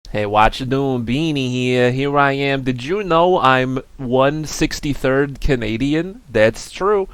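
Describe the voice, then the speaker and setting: A man's voice: medium pitch, slow pace, smooth, no echo, voice pushed up, lightly acted. A man voicing a goofy, cheerful male bean mascot in a comedy sketch, rambling in silly, self-mocking ad patter. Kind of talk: comedy sketch, break-screen video.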